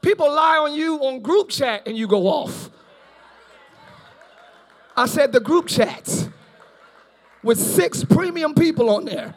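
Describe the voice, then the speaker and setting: A pastor preaching a live church sermon, animated and often shouting, with playful asides. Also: male voice, very high-pitched, slow pace, pauses often. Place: large church, live service.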